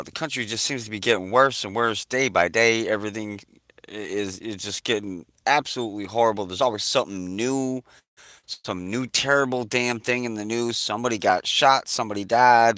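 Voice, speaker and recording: A man's voice: fairly low pitch, fairly bright tone, clean tone, dry recording, studio quality. A man ranting casually to camera as a vlogger, agitated, swearing constantly and repeating himself. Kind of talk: casual profane rant to camera.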